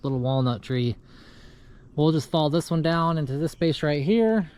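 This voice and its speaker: A man's voice: fairly high pitch, lively intonation, moderate pace, a little mellow, clear, resonant tone. A man casually narrating his tree service work day, chatty and laid-back as he works. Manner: chatty, laid-back, talks while working. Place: outdoors in a yard. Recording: outdoor work noise behind voice.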